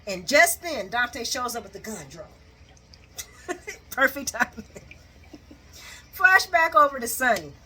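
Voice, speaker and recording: A woman giving a lively, casual recap of a soap opera, laughing often and acting out the characters' lines. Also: on the high side, unhurried, pauses often, a little hiss or hum. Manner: animated, laughs often, acts out quotes.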